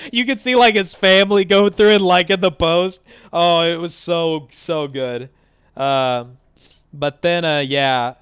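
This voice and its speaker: Smooth-voiced young man telling a story. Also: mid-range voice, dry recording. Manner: animated, profane, acts out both sides of arguments. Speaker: gaming channel host. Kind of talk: casual storytime over gameplay.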